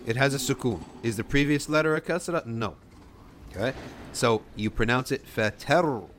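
A man teaching the rules of Quran recitation, modeling sounds slowly and repeating them, asking and answering his own questions. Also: mid-range voice, a bit bright, slight background noise. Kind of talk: tajweed lesson, explaining and modeling recitation.

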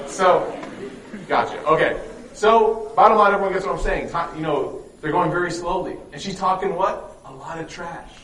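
A man's voice: on the high side, slight background noise. A man telling a religious story to a live audience, joking and quizzing them as he goes, heard in an echoey room from a distant mic. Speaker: youth speaker.

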